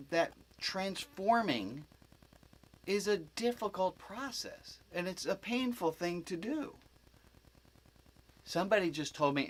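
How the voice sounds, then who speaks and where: A man's voice: a little high, fairly bright tone, low-quality recording. A man who is a rabbi, giving an informal spiritual teaching to a group as a rambling storyteller who corrects himself with asides.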